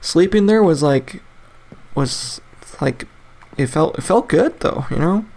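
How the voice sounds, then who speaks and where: A man's voice: fairly high pitch, lively intonation, slow, gravelly, a little mellow, a little hiss or hum. A young man in his twenties hosting a casual solo podcast, rambling with many fillers, restarts and frequent laughs. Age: 20s. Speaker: podcast host.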